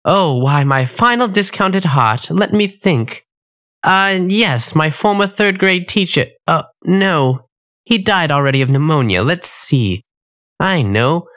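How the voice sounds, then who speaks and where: A woman's voice: low voice, expressive, slow pace, fairly bright tone, exaggerated voice. A woman playing a vain, scheming evil queen. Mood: petty. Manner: petty, scheming, indignant. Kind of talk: comic audiobook reading.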